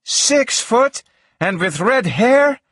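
An emotional young woman with a high, shrill voice that swings hard between suspicion and pleading, as a male audiobook narrator puts her on. Her husky, breathy tone sits close and dry on the recording, with no room around it. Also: lively intonation, normal speed, fairly bright tone, no echo. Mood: screaming. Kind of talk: audiobook character voice.

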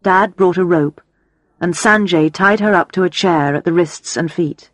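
A woman narrating a story in a steady storytelling manner. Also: lowish voice, unhurried, no room sound. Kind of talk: audiobook narration.

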